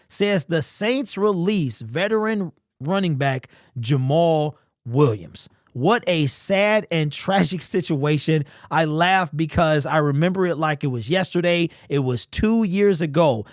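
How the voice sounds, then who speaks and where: A man's voice: a little high, no echo, clean studio sound. A man giving an opinionated, conversational sports commentary as a channel host, emphatic and repeating his points.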